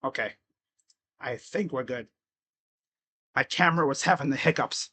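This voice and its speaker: A man calling a ball game live as a fan from his room at home, excitable, chatting to viewers and shouting at the players. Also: medium pitch, normal speed. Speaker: fan streamer calling play-by-play. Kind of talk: live fan reaction and play-by-play. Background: dogs barking.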